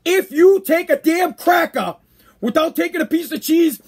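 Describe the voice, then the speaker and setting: A man's voice: very high voice, lively intonation, moderate pace. A man hosting a live stream podcast, ranting casually and emphatically with slang. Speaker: podcast host.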